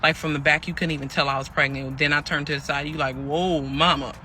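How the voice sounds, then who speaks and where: A man tells a pregnant young woman's story in her voice, chatting to listeners as "y'all" and acting out the quoted lines in a weary, aggrieved mood. His fairly high voice is bright and forceful yet flat in delivery, and fast. There's slight background noise in this storytelling monologue.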